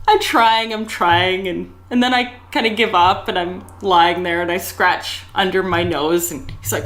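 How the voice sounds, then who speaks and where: A woman's voice: mid-range voice, measured pace, few pauses, a bit bright. A woman telling stories as a guest in a casual interview, speaking candidly, laughing often and acting out the dialogue. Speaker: guest, escort and tantra educator.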